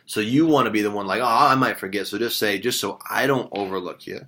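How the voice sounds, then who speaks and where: Fast-talking upbeat man coaching sales calls. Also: fairly low pitch. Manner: energetic, upbeat, praising. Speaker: sales trainer.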